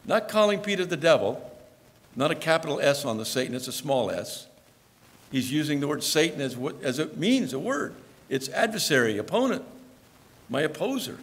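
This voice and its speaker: A man's voice: mid-range voice, very animated, normal speed, long pauses, long reverb tail, a little hiss or hum. A male pastor preaching a sermon in a conversational storytelling manner, acting out the lines he quotes. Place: church.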